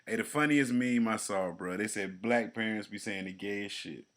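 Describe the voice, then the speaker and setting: Man co-host, AAVE, bright tone, loose profane banter. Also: fairly low pitch, moderate pace. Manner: profane, animated, jokey storytelling. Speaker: podcast co-host. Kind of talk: casual chat.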